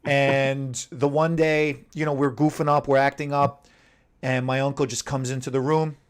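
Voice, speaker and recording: A man co-hosting a casual chat, telling a story in an animated way with laughter. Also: medium pitch, moderate pace, clean tone. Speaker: co-host.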